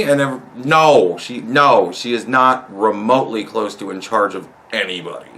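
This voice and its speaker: A man's voice: lowish voice, normal speed, hardly any pauses, pushed and bright. A young man telling a long, rambling story about a coworker in a profane, exasperated way. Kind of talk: casual storytelling rant.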